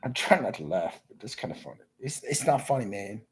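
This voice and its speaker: A man with a very husky, breathy voice rambles through crude, off-the-cuff commentary. He mumbles and trails off into low asides, then bounces back with a lively, swinging pitch. His talk keeps interrupting itself. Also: a little fast.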